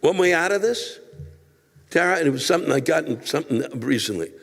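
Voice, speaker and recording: Profane ranting older man, gravelly voice. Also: on the high side, lively intonation, quick pace, in a large hall, noisy background. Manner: ranting, profane, exasperated outbursts. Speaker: comedian. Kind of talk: stand-up rant answering a viewer letter.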